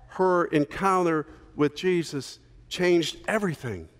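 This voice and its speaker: Male pastor telling a story in his sermon, kinda high voice, long echo in the church. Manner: storytelling, conversational with fillers.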